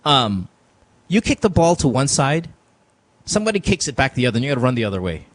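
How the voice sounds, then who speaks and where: A man's voice: medium pitch, fast talker. A man hosting a podcast in casual, profane chat, acting out quotes from people. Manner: profane, animated, acts out quotes. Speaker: podcast host.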